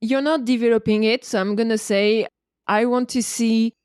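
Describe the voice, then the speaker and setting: A woman's voice: on the high side, steady tone, normal speed, darkish tone, clean tone, no room sound, studio quality. A woman with a French accent co-hosting a podcast in casual chat, steering the talk back on track. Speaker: podcast co-host.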